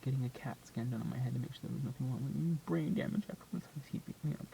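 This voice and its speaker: A vlogger telling a painful personal story in a confessional way, often dropping to a hush and then swinging loud. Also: mid-range voice, rapid-fire, creaky, slight background noise, rough recording. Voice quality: hushed, often whispered delivery. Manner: emotional, swings from hushed to loud.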